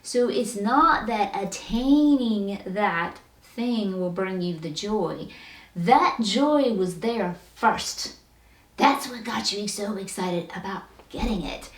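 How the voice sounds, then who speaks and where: Animated woman coaching, roomy distant sound. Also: medium pitch. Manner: animated, acts out little quoted voices. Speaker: spiritual coach. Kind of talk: motivational talk. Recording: roomy echo, distant from the mic.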